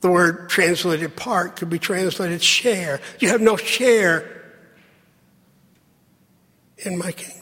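A man preaching a sermon, with dramatic pauses and lines that drop to a hush. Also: high voice, breathy edge. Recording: long hall reverb.

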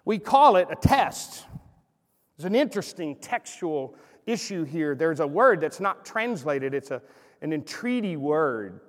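A man in his forties preaching a sermon, telling stories with animated swings and acting out the voices. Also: on the high side, a little slow. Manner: animated storyteller, acts out quotes. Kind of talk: sermon with storytelling. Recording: long hall reverb.

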